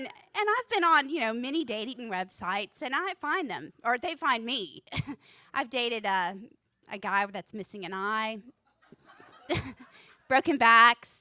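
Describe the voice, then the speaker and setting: On a club stage, a forties-aged woman who is a student stand-up comic nervously runs through her set, putting herself down and laughing at her own jokes. The recording is dry, and her fairly high voice sounds pushed and bright.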